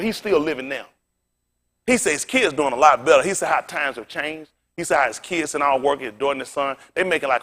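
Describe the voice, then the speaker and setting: Preaching with fire, this pastor's sharp voice pelts his congregation with rhetorical questions, then sinks into quiet, chatty asides.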